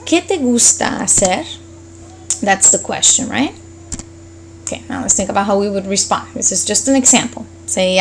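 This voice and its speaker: A woman teaching a Spanish lesson, explaining grammar patiently step by step and slowing down for each example phrase. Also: medium pitch, slight background noise, poor audio.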